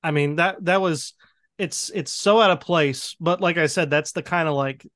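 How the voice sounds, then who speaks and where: A man chatting about a movie with eager enthusiasm, often restarting his sentences. His voice sits a little high, and the recording is dry and close with little room sound. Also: normal speed, fairly bright tone, no room sound. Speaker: podcast co-host. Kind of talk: casual film discussion.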